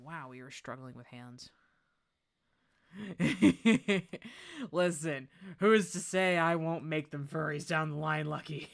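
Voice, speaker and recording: A young adult woman chatting casually on a livestream while she draws, excitable and gushing, laughing often. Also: low-pitched, slow, gravelly, pauses often. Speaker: art streamer.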